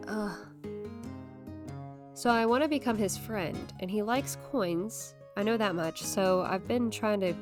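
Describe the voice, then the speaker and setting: A woman chatting through a farming game in a loose, rambling way, often correcting herself mid-thought. Her voice sits at an everyday middle pitch, and bright game music plays clearly under her talk. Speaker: gaming channel host. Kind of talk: casual let's-play commentary.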